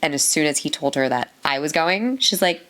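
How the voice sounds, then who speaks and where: Woman, low voice, podcast co-host, casual chat, giggly storyteller. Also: animated, brisk, fairly bright tone. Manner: chatty storyteller, acts out quoted dialogue; giggly, frequent laughs.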